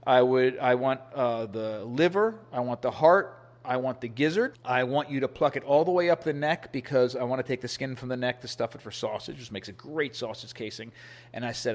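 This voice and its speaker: A man guesting on a podcast, chatting casually and acting out quoted people with a lifted voice. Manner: animated storyteller, acts out quotes with rising pitch. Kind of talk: casual storytelling interview.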